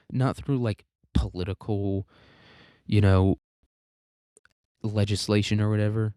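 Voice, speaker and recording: A man with a low, dark, mellow voice runs a sarcastic, profane, rambling commentary monologue. He sounds slightly congested and coughs now and then. The sound is close and dry. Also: clean tone, no echo. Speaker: podcast host. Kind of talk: casual political commentary monologue.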